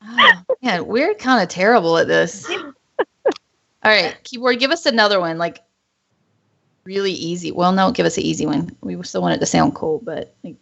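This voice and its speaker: A woman's voice: lowish voice, lively intonation, moderate pace, vocal fry, fairly bright tone. A woman hosting a casual group livestream, chatty and rambling, often laughing between her words. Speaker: stream host. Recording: lo-fi voice call audio.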